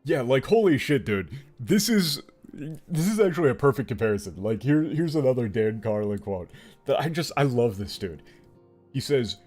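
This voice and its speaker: A man's voice: medium pitch, normal speed, faint music behind. A man commentating casually while playing a game, rambling with fillers and swearing. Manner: animated, profane, rambling with many fillers. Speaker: gaming streamer.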